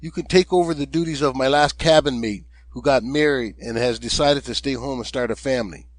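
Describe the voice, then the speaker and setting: A man voicing a stocky, friendly boatswain with a Cockney accent in an audiobook, speaking in a brisk, friendly way. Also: mid-range voice, no room sound, close to an everyday voice.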